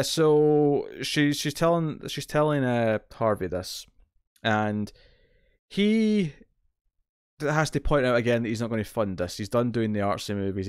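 A man's voice: mid-range voice, clear, resonant tone, no echo, studio quality. A British man co-hosting a TV recap podcast, retelling plot details in a rambling, casual way with many restarts. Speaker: podcast co-host.

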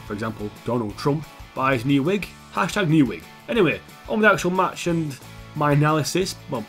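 A young man commentating on his football video game, excitable and blunt, swearing freely. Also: fairly high pitch. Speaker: gaming YouTuber.

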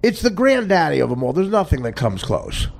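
A man, hosting a podcast and telling stories in casual chat, animated and laughing often. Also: fairly high pitch, a little fast, vocal fry. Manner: animated, laughs often, does voices of others. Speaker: podcast host and comedian.

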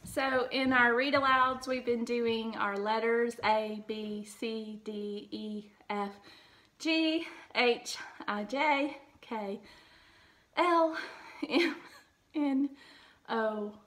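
A young woman teacher reading a storybook aloud to her class, speaking gently and clearly and asking the children questions. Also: a little high, fairly even intonation, very slow, poor audio.

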